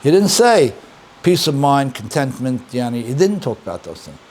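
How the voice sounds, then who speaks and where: An older man, a rabbi, giving a conversational Torah lesson, emphatic and animated, repeating key words and asking his listeners questions. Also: medium pitch, moderate pace, a little hiss or hum. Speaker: rabbi and teacher.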